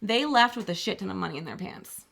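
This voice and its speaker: Middle-aged woman, podcast co-host, casual storytelling, chatty and laughing, mid pitch. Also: lively intonation, fast, gravelly, a bit bright. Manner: chatty, laughing, acts out quoted people.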